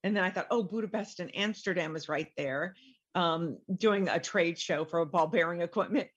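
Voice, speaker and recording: A woman's voice: fairly low pitch, normal speed, slightly rough, muffled recording. A middle-aged woman, a guest author, telling her story in a casual interview and animatedly acting out the voices she quotes.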